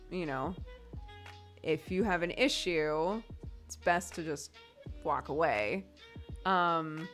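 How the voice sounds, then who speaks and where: A woman's voice: lowish voice, a bit bright. Frank, swearing woman streamer chatting. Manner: candid and frank, swears casually, laughs often. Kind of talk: casual chat.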